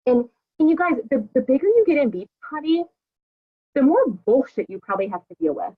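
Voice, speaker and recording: Woman in her thirties, coach on a group call; candid, swears freely, higher voice, tinny phone-like sound. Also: big pitch swings, brisk. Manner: candid, profane, filler-heavy. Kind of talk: casual motivational talk.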